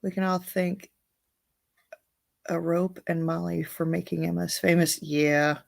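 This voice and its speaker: A woman's voice: fairly low pitch, steady tone, measured pace, gravelly. A woman hosting a casual livestream, reading viewer comments aloud and chatting bluntly, with frequent swearing and laughter. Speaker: livestream host.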